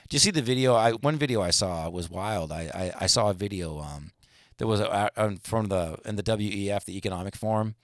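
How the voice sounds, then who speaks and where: A man co-hosting a podcast, chatting casually and retelling stories in an animated, rambling way. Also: on the low side, fairly quick, no room sound, studio quality. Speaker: podcast co-host. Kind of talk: casual chat.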